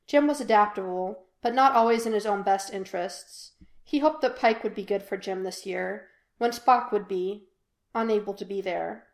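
A woman reading a fan fiction audiobook in an even, unhurried storytelling voice. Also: mid-range voice. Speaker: podfic reader. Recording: echoey room.

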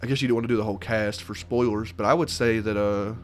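A man's voice: fairly low pitch, fairly even intonation, fast. A man co-hosting a podcast, chatting casually in a rambling, hesitant way with lots of fillers. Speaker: podcast co-host. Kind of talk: casual chat.

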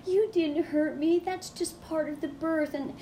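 A woman voicing a tender, gushing mother who reassures her little daughter in a high, soft voice, with a mellow tone. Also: steady tone, slow pace, slight background noise.

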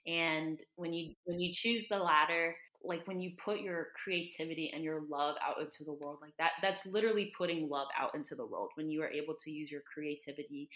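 A woman speaking earnestly and from the heart as a podcast guest, with a low-set but bright, forceful voice. She fills her talk with "like" as she goes. The sound is roomy, with a clear echo. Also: steady tone, fairly quick, hardly any pauses. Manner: earnest, heartfelt storytelling with many "like" fillers. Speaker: podcast guest, dietitian and author. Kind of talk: casual podcast conversation.

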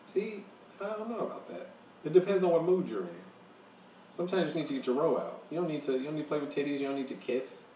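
A man co-hosting a podcast in casual banter, teasing his friend and jumping up in pitch when he mimics other people. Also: quick pace, mellow. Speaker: podcast co-host. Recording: roomy echo, a bit distant, faint hiss.

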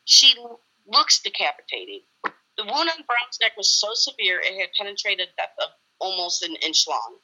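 A woman's voice: mid-range voice, sing-song, moderate pace, pushed and bright, poor audio. A woman co-hosting a casual true-crime chat, blunt and emphatic.

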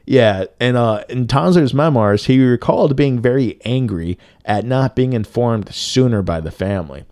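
A podcast co-host tells a story in a loose, profane way, packed with filler words. His mid-range voice has a darkish tone at normal speed, recorded in studio quality without echo.

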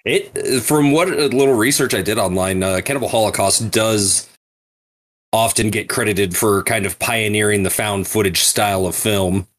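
A man with a lowish voice co-hosts a podcast in easygoing casual chat, explaining things at an unhurried pace and laughing easily. He sounds relaxed and friendly. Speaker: podcast co-host.

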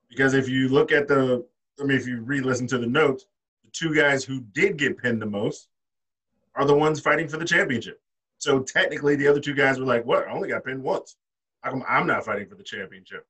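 A man with a husky, mid-range voice talks through his opinion in a measured way during a casual chat. He weighs each point steadily. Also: medium pitch, a bit bright. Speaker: podcast co-host.

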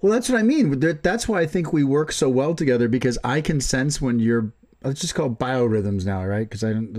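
A man's voice: medium pitch, lively intonation, brisk, a little mellow. A man from the US Midwest co-hosting a podcast, chatting casually, teasing, laughing often and swearing. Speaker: podcast co-host. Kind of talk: casual chat.

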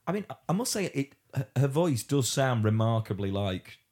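A man's voice: medium pitch, sing-song, moderate pace, darkish tone, breathy edge. A man, questioning in a dry way during an improvised comedy chat. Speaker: comic interviewer.

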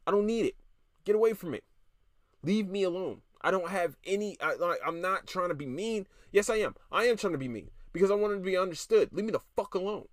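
Podcast host, male, fed-up solo rant, profane with stammered restarts, slightly high and very animated voice, dry close sound. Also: fairly quick, no room sound. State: tired. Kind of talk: casual ranting monologue.

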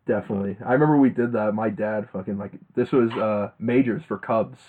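A young man with a husky voice talks sports in loose, animated banter, swearing freely. His sound is thin and tinny, like it came down a phone line. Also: lowish voice, brisk. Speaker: podcast co-host. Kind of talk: casual sports chat.

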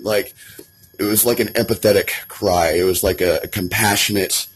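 A man's voice: fairly low pitch, steady tone, normal speed, slight background noise. A man from Colorado telling an earnest, emotional story of his addiction recovery, swearing often and restarting his sentences. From Colorado, USA.

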